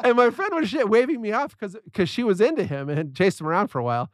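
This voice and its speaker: A man co-hosting a casual podcast chat, an animated storyteller who laughs often and acts out what people said. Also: high-pitched, fast talker, no echo, studio quality. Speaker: podcast co-host.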